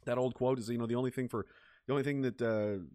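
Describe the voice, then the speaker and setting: Fast-talking ranting man. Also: mid-range voice, steady tone, warm tone, dry recording, studio quality. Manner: fast, profane, ranting with restarts. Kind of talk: casual chat.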